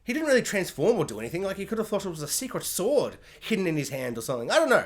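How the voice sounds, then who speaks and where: A man casually reviewing a TV season, excitable and quick to slip into silly voices when he quotes characters. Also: sits high.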